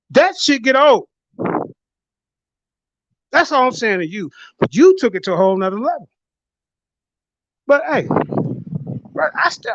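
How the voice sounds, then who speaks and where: A blunt man moderates an online panel argument, his pitch leaping up and down as he swears and repeats his points. His voice is dry and close, with no room around it. The audio is dull and lo-fi. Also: big pitch swings, a little slow, long pauses, fairly bright tone, dry recording. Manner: blunt, profane, repeats himself.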